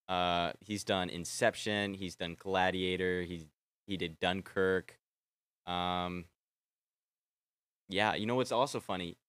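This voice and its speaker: A young man vlogging in a casual, rambling way, excitable and swearing freely as he trails off and restarts his sentences. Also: sits low. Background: faint film score playing.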